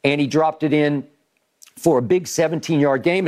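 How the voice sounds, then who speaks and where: A man's voice: fairly high pitch, normal speed, darkish tone. Emphatic sports talk host, man. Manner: emphatic, repeats words at starts, rhetorical questions. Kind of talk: animated football analysis chat.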